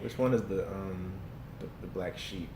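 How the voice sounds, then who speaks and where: A man co-hosting a podcast in casual chat, dropping short low-key comments. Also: moderate pace, a little mellow, roomy sound, a little hiss or hum, rough recording. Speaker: podcast co-host.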